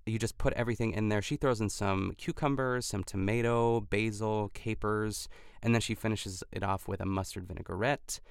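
A man with a low voice talks over a close, dry podcast mic. His tone is smooth but gravelly, with frequent fry. He chats casually, packing his sentences with "like" and restarts. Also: steady tone, normal speed, no room sound. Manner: chatty, lots of "like" fillers and restarts. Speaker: podcast host. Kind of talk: casual recap chat.

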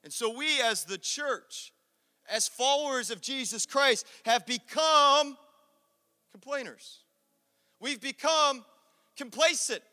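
A young man preaching a sermon, telling a story about his father and acting out his dad's lines in a low gruff tone. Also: slow, long pauses, sharp tone. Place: church. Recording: echoey church hall.

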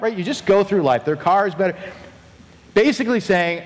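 A man preaching a sermon as pastor, animated and acting out quoted voices with big pitch swings. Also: fairly quick, big-room sound.

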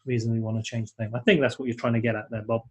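A man co-hosting a live webinar, thinking aloud in a casual, animated way, with many restarts, and reading out audience comments. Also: mid-range voice, very fast, slightly rough.

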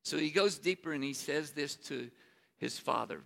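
A man's voice: on the high side, normal speed, vocal fry, pushed and bright. A male pastor preaching a sermon in an earnest manner, asking the listeners rhetorical questions. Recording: long reverb of a large hall.

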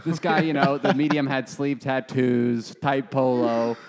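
A man's voice: mid-range voice, little pitch movement, measured pace, a little mellow. A young man in casual podcast chat, riffing sarcastically and joking as he tells a family story.

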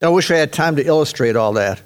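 A man preaching a sermon as pastor, stressing phrases slowly and acting out quoted speech. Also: a little high, animated.

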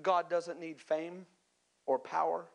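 A man with a notably high voice delivers a sermon, building to emphatic peaks and calling out to the room. He slips into casual asides between points and often repeats a word as he restarts. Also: fairly even intonation, takes it slowly, creaky. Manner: emphatic preaching with call-outs to the congregation; conversational asides and repeated words. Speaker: pastor.

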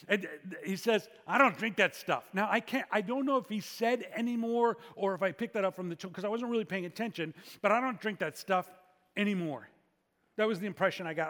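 A man preaching as pastor, telling stories with frequent restarts and hushed dramatic drops. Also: high-pitched, in a large hall. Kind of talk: sermon.

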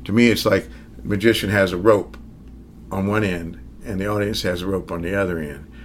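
An older man with a Southern accent, a magician talking in a casual interview, relaxed and chuckling often. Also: low voice, fairly quick, a little hiss or hum. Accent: Southern American. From American South.

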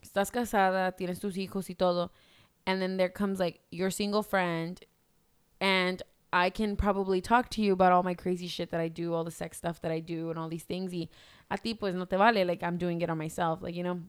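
A woman's voice: lowish voice, little pitch movement, brisk, clean tone. A young woman chatting on a podcast, mixing Spanish into English and swearing casually. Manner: laughs easily, swears, mixes Spanish into English. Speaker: podcast co-host. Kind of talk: casual chat.

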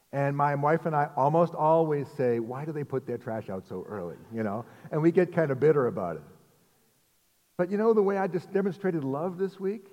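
A middle-aged man preaching a sermon in a relaxed, conversational way, mixing jokes and rhetorical asides. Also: medium pitch. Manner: conversational, self-deprecating humor with rhetorical asides. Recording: long hall reverb.

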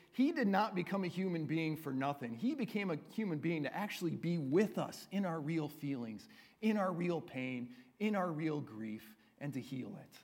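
A man's voice: mid-range voice, gravelly. A man preaching a sermon as a pastor, earnest and conversational, often checking in with the congregation. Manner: earnest, conversational preaching with frequent tag questions. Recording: long reverb of a large hall.

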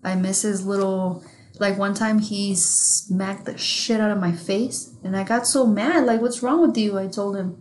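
A woman co-hosting a podcast in casual chat, talking candidly and with plenty of swearing, growing animated when something amuses her. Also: medium pitch, a little slow. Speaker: podcast co-host.

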